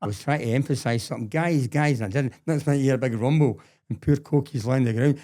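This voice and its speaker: An older man, telling stories as a guest in a casual interview, animated and acting out quotes, often repeating words. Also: mid-range voice, fast.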